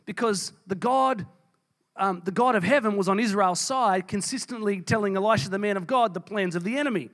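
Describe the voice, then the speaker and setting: A man's voice: high-pitched, a little fast, fairly bright tone. A man preaching a sermon, reading scripture and speaking with strong emphasis. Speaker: pastor.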